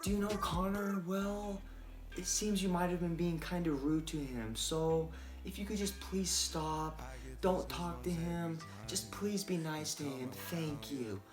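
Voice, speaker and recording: A man putting on the voice of a timid, overly polite male school principal who pleads softly. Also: fairly high pitch, measured pace, close to an everyday voice. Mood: meek pleading. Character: meek soft-spoken adult male school principal. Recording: roomy echo, faint music.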